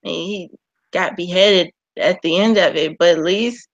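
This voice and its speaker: A woman in her forties co-hosting a casual podcast, joking and swearing in animated banter. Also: on the low side, normal speed, highs cut off. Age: 40s. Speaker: podcast co-host. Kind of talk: casual chat.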